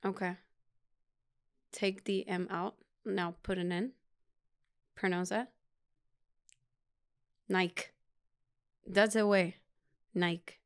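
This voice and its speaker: A woman's voice: medium pitch, fairly even intonation, slow, long pauses. A woman co-hosting a casual studio chat, playful and laughing often as she teasingly insists on her point. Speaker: podcast co-host.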